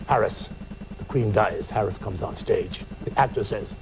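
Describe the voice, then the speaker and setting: A man's voice: fairly low pitch, vocal fry, slight background noise. An older Irish man, an actor and talk show guest, telling stories in a theatrical way, acting out the people in them. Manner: lively, theatrical, quick to act out voices. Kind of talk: animated storytelling. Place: television studio.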